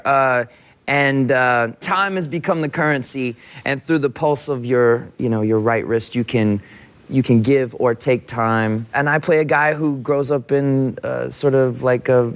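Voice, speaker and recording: A man's voice: medium pitch, clear, resonant tone. A man guesting on a talk show, telling stories casually with many fillers and small laughs. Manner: relaxed storytelling, halting fillers, self-amused.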